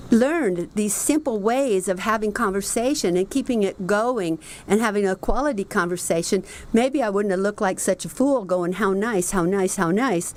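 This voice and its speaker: A middle-aged woman hosting a book review show, talking casually and telling stories, and quoting people in lively put-on voices. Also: mid-range voice. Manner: chatty storytelling, animated quoting of others.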